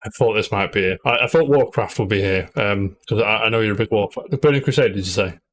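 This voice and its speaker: A man's voice: fairly low pitch, quick pace, fairly bright tone. A man co-hosting a casual podcast, chiming in with friendly interjections. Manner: friendly interjections, says "mate" often. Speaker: co-host.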